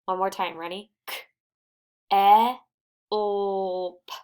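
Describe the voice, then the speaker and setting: A woman reading teacher giving a recorded phonics lesson to young children, sounding out words slowly and patiently. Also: lowish voice, a bit bright.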